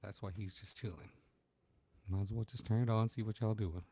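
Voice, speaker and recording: A man hosts a casual late-night livestream from home and chats easily with his viewers, calling out their names. His voice sits a little low and sounds mellow and relaxed. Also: a little fast, slightly rough. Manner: laid-back, chatty, greets viewers by name. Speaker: livestream host.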